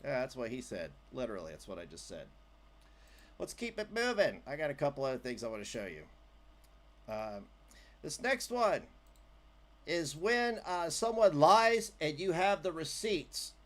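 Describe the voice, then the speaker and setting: Man, livestream host; casual and jokey, lively pitch. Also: normal speed. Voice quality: animated, jokey, trails off into asides.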